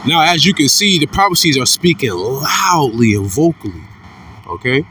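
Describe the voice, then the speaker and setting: Far from the mic and against a noisy background, a man delivers an informal religious commentary at a moderate pace with big pitch swings. He's blunt and profane, repeating himself as he veers between fired-up outbursts and low muttering.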